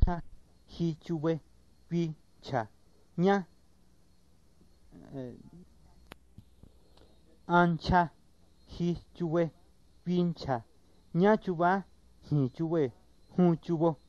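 A man slowly and carefully reading out a word list in a measured, repetitive way. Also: fairly high pitch, darkish tone, no room sound. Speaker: native speaker recording word list. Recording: dull lo-fi 1990s tape, dry.

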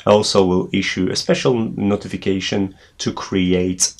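A man's voice: low-pitched, flat delivery, a little slow. A man hosting a tech tutorial, explaining a setup step by step with frequent hesitations. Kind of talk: screen walkthrough tutorial.

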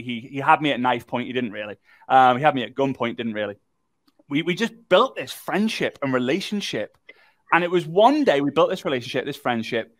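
Man, workshop presenter, animated joking storyteller, slightly high voice, dry close sound. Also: dry recording. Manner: animated, jokey storyteller who talks to the chat. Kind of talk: live online workshop storytelling.

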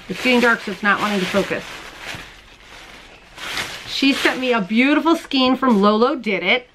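A woman's voice: on the high side, a bit bright, slight background noise, poor audio. Bubbly chatty woman podcast host. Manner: bubbly, chatty, gushes over small things. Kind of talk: casual chat showing mail and gifts on camera. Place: home, late at night. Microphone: camera she handles while showing items.

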